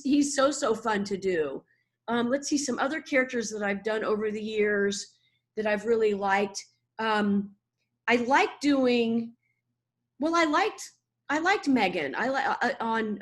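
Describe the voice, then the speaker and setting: Lively woman in her 60s, kinda high voice, laughs a lot, chatty guest. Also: measured pace. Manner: animated, laughing, slips into voices. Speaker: voice actor, guest. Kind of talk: casual interview chat.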